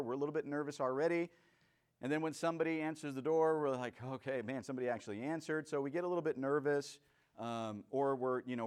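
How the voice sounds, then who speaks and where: A man's voice: mid-range voice, clean tone. A man teaching church door-to-door outreach in a casual, conversational way, often checking in with "right?".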